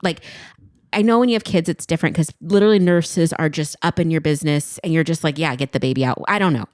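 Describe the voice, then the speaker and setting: A woman's voice: deep voice, fast, dry recording, clean studio sound. A woman in her thirties, co-hosting a podcast in casual chat and telling a story, acting out what other people said. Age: 30s. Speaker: podcast co-host. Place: podcast studio.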